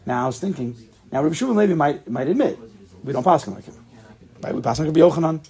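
A man's voice: on the high side, expressive, fast talker, gravelly, a little mellow. A man leading a casual Talmud study class, thinking aloud and checking in with his students. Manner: thinks aloud, asks the class questions, laughs at himself.

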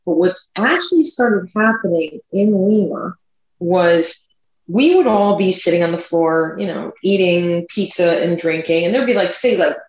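A woman with a fairly low voice tells a personal story in a loose, chatty way, speeding up and slowing down as she goes. The recording sounds dull and lo-fi, with a roomy echo around her. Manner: chatty, rambling, speeds up and slows down. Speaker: podcast co-host. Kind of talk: casual storytelling chat. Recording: echoey room, dull lo-fi sound.

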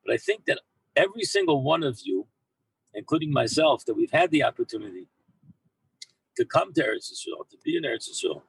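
A man who heads a yeshiva, telling an anecdote in an animated way to his former students, mixing in Hebrew and Yiddish words and often repeating himself as he goes. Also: mid-range voice, fairly quick, gravelly, long pauses, slightly rough, dry recording, rough recording. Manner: frequent repeats and restarts. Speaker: rabbi and yeshiva head. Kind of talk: storytelling talk to former students.

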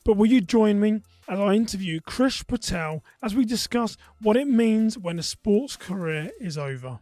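A man's voice: sits high, animated, normal speed, mellow, soft background music. A man with a South London accent hosting a podcast, upbeat and talkative, often restarting his sentences. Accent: South London English. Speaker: podcast host. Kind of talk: podcast interview.

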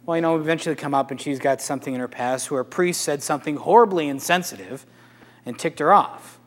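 A Catholic priest gives a talk to a live audience. He speaks conversationally in a slightly high voice. The sound carries a long hall reverb. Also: fast talker, slight background noise. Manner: conversational, animated, rhetorical questions. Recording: echoey hall.

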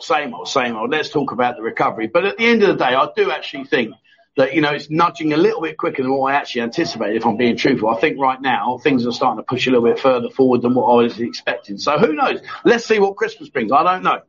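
With a little high, fairly bright voice, a man hosts a laid-back live chat show. He reads out viewer comments, jokes and banters with his co-host, and frequently restarts, all over dull lo-fi stream audio.

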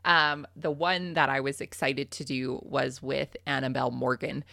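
A woman's voice: extremely low pitch, level tone, normal speed, gravelly, pushed and bright, no room sound, studio quality. A young adult woman from Canada, a farmer and podcast host, telling a funny story in casual chat and laughing often.

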